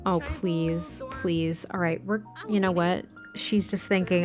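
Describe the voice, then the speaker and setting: A woman's voice: fairly low pitch, steady tone, slow, faint music behind. Chatty woman narrating a life-sim game. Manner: chatty, giggly, narrates characters' thoughts. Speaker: let's play host. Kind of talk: casual gameplay commentary.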